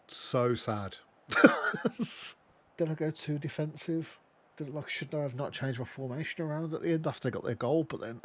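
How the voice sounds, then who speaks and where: A young man giving casual, expressive let's-play commentary on a football management game, swearing freely. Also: medium pitch, dry recording. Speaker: gaming YouTuber.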